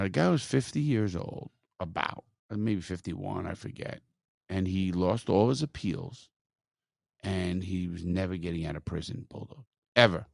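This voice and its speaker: A man hosting a podcast, telling a story in a blunt, profane, animated way. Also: sits low, gravelly, no echo, clean studio sound. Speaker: podcast host.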